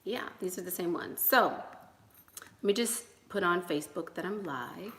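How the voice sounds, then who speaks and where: A woman's voice: fairly low pitch, lively intonation, moderate pace, fairly bright tone. A woman coaching on relationships in a casual livestream chat, chatty and emphatic, laughing between thoughts while she does her makeup at home. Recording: echoey room.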